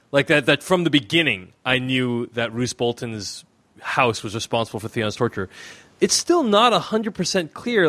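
A male podcast host talks loosely with his co-hosts, his pitch sitting a little high and swinging widely as he goes. He rambles, circles back and restarts his thoughts, with many filler words along the way. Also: a bit bright. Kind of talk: casual chat.

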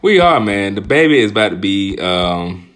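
A man's voice: on the low side, moderate pace. A man, a podcast co-host telling funny stories, acting out quotes and laughing often. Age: adult, parent of nearly ten-year-old. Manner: animated storyteller, acts out quotes, laughs often. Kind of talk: casual chat, storytelling.

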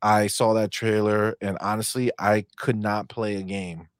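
A man co-hosting a casual gaming chat, animated, dropping low for asides. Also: a little slow, smooth, no room sound, studio quality.

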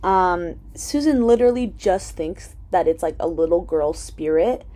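A woman's voice: on the low side, expressive, a little slow, dark tone. A woman casually recapping a TV episode, chatty with lots of "um" and "like" and some swearing. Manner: chatty, full of "um" and "like", swears freely. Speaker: TV episode reviewer.

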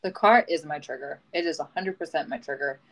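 A woman's voice: sits low, a little fast, fairly bright tone, rough recording. A young woman co-hosting a casual chat, laughing often and acting out stories with dramatic voices. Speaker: podcast co-host.

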